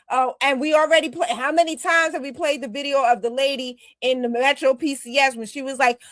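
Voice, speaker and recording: A woman hosts a commentary show and speaks bluntly and heatedly, with a fairly high voice. The sound is dry and close, with no room echo. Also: steady tone, fairly quick, few pauses. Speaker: commentary host. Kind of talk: casual commentary.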